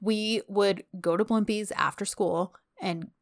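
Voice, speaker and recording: A woman in her thirties speaks at a medium pitch and an unhurried pace while co-hosting a casual podcast chat. She gushes as she retells scenes from a TV show, animatedly acting out the characters' lines with quoted dialogue.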